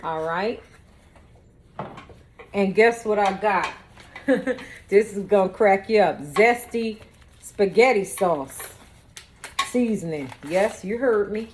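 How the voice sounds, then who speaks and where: A playful woman chats as she cooks in her home kitchen, speaking slowly in a medium pitch and pausing often, with a little hiss or hum on the recording. As a home cook and vlogger, she talks directly to viewers during a casual cooking demonstration.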